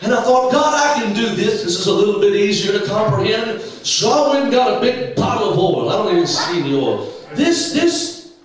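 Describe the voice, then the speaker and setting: A man preaches to a congregation, telling a comic story and slipping into the voices of the people in it. His voice sits high and is caught from far off, ringing through a very echoey church. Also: moderate pace. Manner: animated storytelling with acted voices. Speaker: evangelist. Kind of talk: humorous preaching testimony. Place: church sanctuary.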